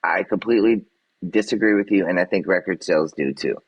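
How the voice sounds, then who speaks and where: A man's voice: low voice, brisk, creaky, breathy edge, muffled recording. An agitated man on a livestream answering his chat, defensive and swearing, repeating himself as he vents. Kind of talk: livestream rant.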